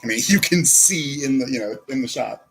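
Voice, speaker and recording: Speaking briskly and expressively at a medium pitch, a man with a husky, fairly bright voice and some vocal fry rambles through a casual toy figure review. He often cuts himself off to talk to himself while posing the figures. Soft music sits under the low-quality recording.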